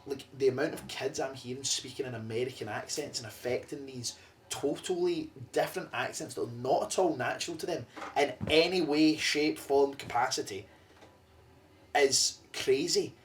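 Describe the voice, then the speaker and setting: Animated Scottish man, podcast host. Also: mid-range voice, moderate pace, far from the mic, a little hiss or hum. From Scotland. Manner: animated, rambling, mimics voices. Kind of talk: casual podcast conversation.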